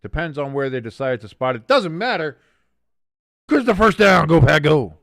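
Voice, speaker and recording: A man hosting a live watch-along stream, calling plays casually, reading out chat and cracking jokes with loud excited bursts and swearing. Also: on the high side, moderate pace, creaky, no echo, clean studio sound. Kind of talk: casual play-by-play commentary.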